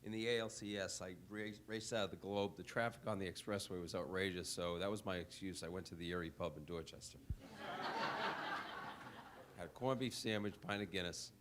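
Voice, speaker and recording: A man's voice: low voice, moderate pace, noisy background. A man on a panel at a hotel event, telling a chatty, amused anecdote.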